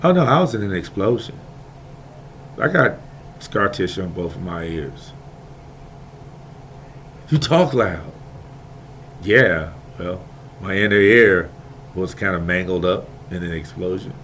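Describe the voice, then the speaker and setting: A man in an impassioned, digressive monologue, repeating himself and swinging between quiet talk and loud outbursts. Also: low voice, animated, a little slow, long pauses, slight background noise. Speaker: video maker airing grievances.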